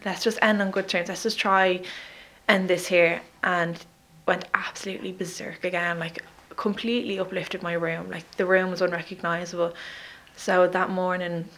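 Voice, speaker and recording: A woman, recounting a personal story in a subdued, steady way. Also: fairly low pitch, moderate pace. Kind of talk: personal testimony.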